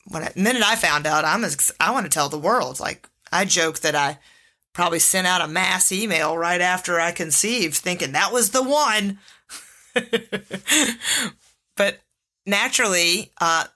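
Middle-aged female life coach, bright voice, animated and candid solo podcast delivery. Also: on the low side. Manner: animated, candid, laughs often.

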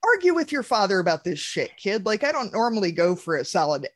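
A woman's voice: medium pitch, big pitch swings, brisk, no room sound. A woman hosting a podcast in casual chat, blunt and swearing freely. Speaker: podcast host.

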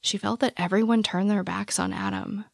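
A woman hosting a podcast with scripted true-crime narration, soft and measured, often near a whisper. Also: mid-range voice, fairly even intonation, vocal fry, dry recording, clean studio sound. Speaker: podcast host.

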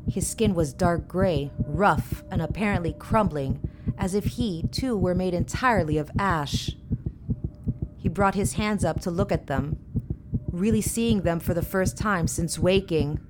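A woman narrating a horror story as an audiobook, in a measured, even delivery. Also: fairly low pitch, very noisy.

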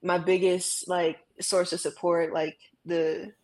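Woman, interview guest, casual chat, halting and emotional delivery, video call sound. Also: on the low side, flat delivery, darkish tone. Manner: emotional, halting, many fillers. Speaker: guest, graphic artist.

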